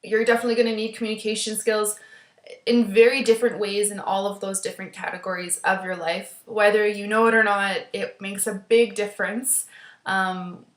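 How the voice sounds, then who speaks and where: A woman's voice: medium pitch, brisk, roomy sound. Woman teaching to a webcam. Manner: steady instructive delivery with frequent ums. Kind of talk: recorded online class lecture. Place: indoor room, seated in a chair. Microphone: webcam at desk.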